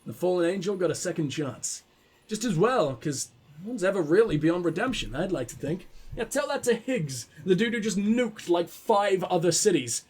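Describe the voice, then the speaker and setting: A man's voice: high-pitched, sing-song, normal speed, darkish tone, slightly rough. A man hosting a game playthrough, reading in-game text aloud and breaking off for casual, profane, joking asides, often stumbling and restarting his lines. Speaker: let's play host.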